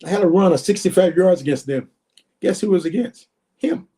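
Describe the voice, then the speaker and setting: A man in his sixties, a former football player and guest, telling stories in a lively way and often repeating words. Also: sits high, fairly quick. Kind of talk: animated storytelling.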